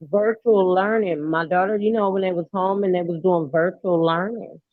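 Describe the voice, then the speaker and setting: A woman's voice: fairly low pitch, steady tone, normal speed, no echo. Woman, mother, emphatic casual chat, thin phone-like sound, dry.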